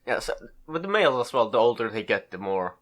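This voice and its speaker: A man's voice: mid-range voice, sing-song, quick pace, fairly bright tone. Young man hosting a joking podcast. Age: 20s. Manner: joking, laughs often. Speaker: podcast host. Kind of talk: casual chat.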